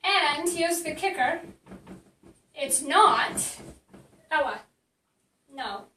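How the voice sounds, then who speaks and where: A woman's voice: high voice, animated, extremely slow, pushed and bright, reverberant, distant mic, a little hiss or hum, rough recording. A woman marketing coach teaching in a casual live stream, chatty and blunt, with many fillers and restarts.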